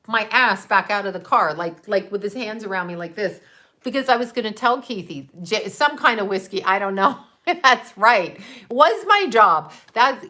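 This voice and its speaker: A middle-aged woman casually telling a story, brash and animated, swearing freely and often laughing mid-sentence. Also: a little high. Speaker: mother and channel host.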